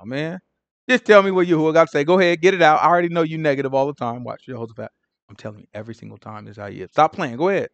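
A man's voice: a little high, a bit bright, no echo. A man leading a casual Bible study, retelling scripture in slang and acting out the characters' lines. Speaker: Bible teacher.

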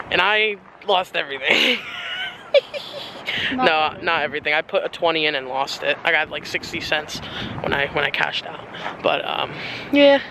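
A man's voice: sits high, noisy background. A young man vlogging casually at the seaside, joking around and breaking into laughs. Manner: laid-back, jokey, breaks into laughs. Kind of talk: casual vlog chat. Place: seaside hotel and beach, outdoors.

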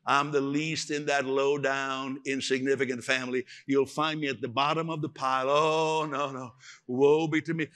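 A man's voice: medium pitch, level tone, normal speed, fairly bright tone, close to an everyday voice. A man putting on the voice of a despairing, self-pitying man who pleads and moans about being the least of all. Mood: moaning. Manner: whiny, pleading, moaning.

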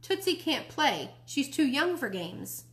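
A frazzled mother of three, urgent and quick to scold, from a read-aloud storybook, as a woman reader voices her. She sounds a little raised above the reader's own voice. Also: high voice, sing-song, fairly bright tone, pitched above the performer's own voice, heavily acted. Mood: alarmed.

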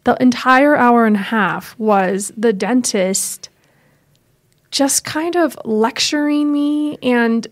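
A woman co-hosting a podcast, telling a personal story in a casual, animated way, laughing often and acting out the voices she quotes. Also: fairly high pitch, takes it slowly. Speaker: podcast co-host.

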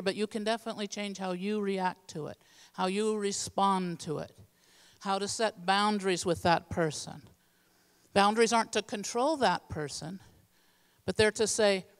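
A woman's voice: mid-range voice, clean tone, in a large hall. A woman giving a midweek church teaching in an earnest, plainspoken, practical way. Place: church sanctuary.

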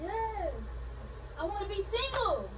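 A woman with a very high voice talks casually, insistent and repetitive. She is recorded from a distance, with clear background noise around her. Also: very animated, slow pace. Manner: insistent, repeating herself. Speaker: vlogger. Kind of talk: casual prank banter. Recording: distant mic in a noisy room.

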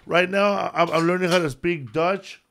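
Man, podcast host, high voice, casual ad read, dry jokes. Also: steady tone, normal speed, creaky, fairly bright tone. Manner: drops dry one-line jokes.

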